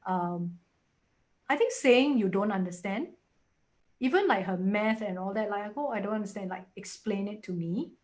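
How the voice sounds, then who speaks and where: A woman's voice: medium pitch, normal speed, darkish tone. A woman in her forties with a Singaporean English accent, talking casually and animatedly as a guest in a webinar, often acting out quoted voices.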